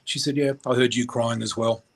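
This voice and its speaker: A middle-aged man from Australia, a radio guest, telling a personal story in a halting, emotional way with many fillers. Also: mid-range voice, steady tone, gravelly.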